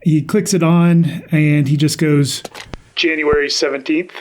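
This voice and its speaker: A man narrates as game master, setting scenes casually. His voice sits fairly high. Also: steady tone, measured pace, dark tone, a little hiss or hum, poor audio.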